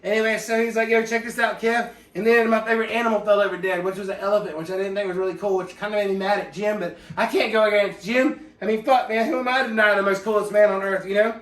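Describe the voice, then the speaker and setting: A man telling a rambling, profane comedic story in a deadpan way, full of tangents. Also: high-pitched, fast talker, few pauses. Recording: echoey room, distant from mic.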